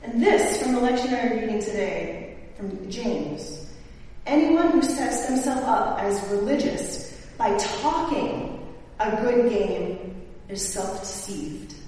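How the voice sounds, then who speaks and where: A woman pastor delivers a sermon at an unhurried pace, leaning hard on key phrases. Her fairly high voice carries from a distance through a big echoing church, with a long reverb tail. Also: animated, dark tone. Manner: slow, emphatic, rising to exclaim. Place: church sanctuary. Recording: echoey church hall from far off.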